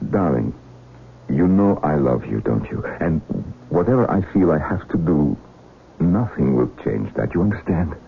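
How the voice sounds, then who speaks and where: An actor in a 1970s radio drama playing an earnest foreign-born male doctor who speaks haltingly and formally, without contractions. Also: very deep voice, big pitch swings, vocal fry, exaggerated voice. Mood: troubled. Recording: tinny narrow broadcast with faint hiss.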